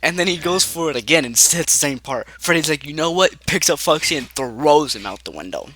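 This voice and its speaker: A man running a role-play game as narrator, playful and quick to put on silly voices. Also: a little high, lively intonation, crowd noise. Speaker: game master.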